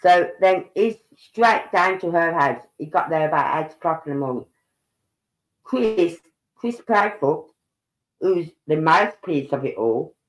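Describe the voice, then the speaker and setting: Brief: woman, 50s, true-crime live streamer, opinionated and indignant, roomy echo. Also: fairly low pitch. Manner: indignant, opinionated, talks straight to viewers. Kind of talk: casual live commentary.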